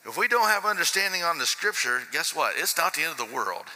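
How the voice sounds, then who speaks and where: Emphatic preacher man, bright tone. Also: on the high side, very animated, quick pace, in a large hall, rough recording. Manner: emphatic, repeats key phrases for effect. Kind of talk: sermon.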